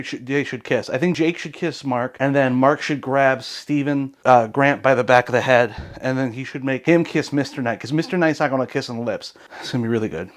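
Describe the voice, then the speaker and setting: A young adult man from Brooklyn, telling a rambling, profane comedy story in a casual monologue. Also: medium pitch. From Brooklyn, New York.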